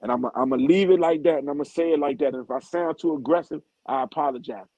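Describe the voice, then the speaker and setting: A man's voice: a little high, quick pace, warm tone, dry recording. A man hosting a live video-call group talk, speaking bluntly and emphatically with a lot of cursing. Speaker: group admin and host. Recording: dull lo-fi stream audio.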